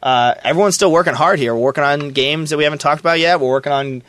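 A man co-hosting a casual podcast, talking in a relaxed, reassuring way. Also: fairly high pitch, fast, no room sound. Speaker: podcast co-host and studio staffer.

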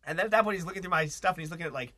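A podcast co-host who is a man, retelling an exasperating travel story in a quick, animated way with lots of "like". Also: high voice.

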